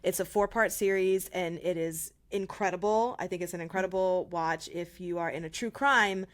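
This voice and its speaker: A woman's voice: fairly low pitch, normal speed. A woman co-hosting a horror podcast, chatting casually and enthusiastically, laughing often. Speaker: podcast co-host. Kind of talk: casual chat.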